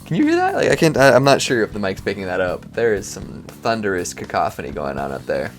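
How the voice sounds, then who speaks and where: Male host, bouncy animated delivery, goofy and self-mocking, faint guitar music behind. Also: fairly low pitch, quick pace. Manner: joking, self-mocking, rambling. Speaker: host of a countdown video channel. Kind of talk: casual outro and blooper chatter. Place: bedroom at home. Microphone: lavalier microphone.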